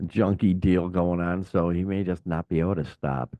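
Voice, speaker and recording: A man's voice: deep voice, fairly even intonation, normal speed, warm tone, no echo. A man co-hosting a casual rock podcast, rambling through news with lots of uh and you know. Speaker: podcast co-host.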